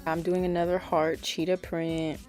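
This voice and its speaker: A woman's voice: on the low side, flat delivery, normal speed, music in the background. A young woman chatting casually as a nail art vlogger, rambling with lots of fillers and self-corrections. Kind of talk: casual voice-over chat.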